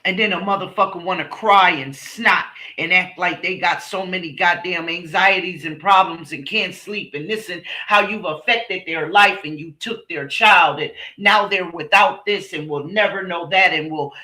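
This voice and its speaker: A woman's voice: lowish voice, normal speed, few pauses, bright, forceful tone, echoey room. A woman hosting a livestream, delivering heated, profane and scornful commentary. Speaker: channel host, commentator.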